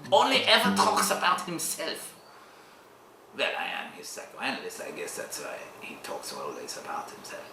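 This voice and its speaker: A man's voice: medium pitch, wildly swooping pitch, normal speed, reverberant, music in the background. A man playing a pompous male psychoanalyst in a mockumentary interview. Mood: self-satisfied. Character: smug male psychoanalyst, self-important.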